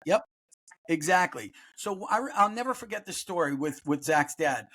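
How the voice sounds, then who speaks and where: A man's voice: a little high, animated, normal speed, bright, forceful tone. A middle-aged man hosting a podcast, telling stories bluntly in a casual chat and swearing freely. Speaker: podcast host.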